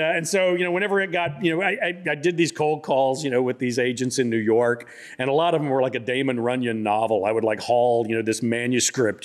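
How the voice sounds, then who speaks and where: A middle-aged man telling a humorous story at a book festival, folksy and rambling, full of "you know" and "like". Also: medium pitch. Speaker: author speaking at a book festival. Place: church hall.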